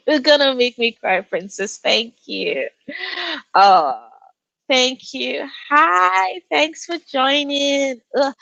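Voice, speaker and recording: A young woman from Nigeria hosts a casual livestream about books. She answers her chat with lots of warmth and gushing replies. Her voice sits at a middling pitch, and the room sounds dry and close. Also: dry recording, low-quality recording. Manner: effusive, reads out chat and gushes, frequent laughs. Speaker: booktube livestream host.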